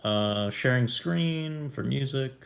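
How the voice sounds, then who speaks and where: A man's voice: mid-range voice, slow, vocal fry, clear, resonant tone. A man in casual banter who sets up the session as game master, easygoing and wry. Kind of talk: casual banter among friends.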